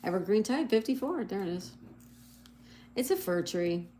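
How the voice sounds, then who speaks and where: A woman's voice: medium pitch, lively intonation, normal speed, warm tone, a little hiss or hum. Cheerful woman spelling out crossword answers. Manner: apologetic over slips. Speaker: livestream host. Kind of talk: casual livestream chat, reading viewer comments.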